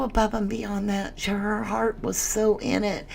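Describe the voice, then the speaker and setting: A woman's voice: medium pitch, level tone, measured pace, creaky, slight background noise. A woman hosting a casual livestream chat, emotional as she reads viewer comments aloud. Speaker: livestream host.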